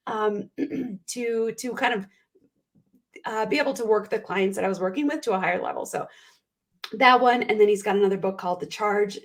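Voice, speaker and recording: A woman guest on an interview show, a performance coach telling heartfelt stories in an animated way and often clearing her throat. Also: mid-range voice. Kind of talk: conversational interview.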